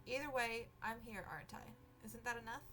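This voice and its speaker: A woman's voice: fairly high pitch, fairly quick, over music, lightly acted, low-quality recording. A woman reading a rebellious young witch heroine in a sarcastic, defiant tone.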